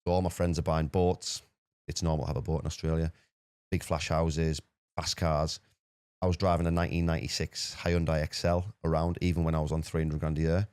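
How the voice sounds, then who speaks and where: Man, podcast guest; rapid, deep, flat storyteller. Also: clean tone, no room sound, studio quality. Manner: rapid, animated anecdote-telling with repeated words. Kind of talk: casual storytelling.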